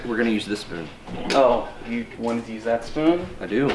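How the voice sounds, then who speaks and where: A man's voice: mid-range voice, lively intonation, normal speed. A man co-hosting a casual mukbang vlog, giving brief, easygoing replies. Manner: brief replies, apologetic, laughing easily. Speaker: co-host. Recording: echoey room with background noise.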